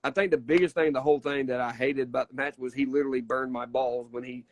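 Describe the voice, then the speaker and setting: A man tells wrestling stories in a relaxed, folksy way. He gets emphatic and swears freely. His voice is recorded close and dry, with no room sound at all. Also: mid-range voice, fast, dry recording. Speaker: wrestler guest. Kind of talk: casual interview storytelling.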